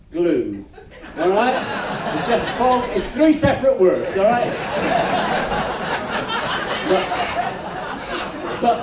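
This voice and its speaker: A man's voice: high voice, a little mellow. An older man singing a sea song on stage, then telling a story in a wry, chatty way with many restarts. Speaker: folk singer. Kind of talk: live concert singing and storytelling. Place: outdoor festival stage. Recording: roomy live sound from a distance.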